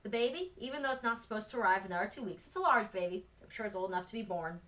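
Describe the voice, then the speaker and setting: A woman reading aloud, voicing a gentle, reassuring pioneer mother. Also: medium pitch, very fast, natural voice.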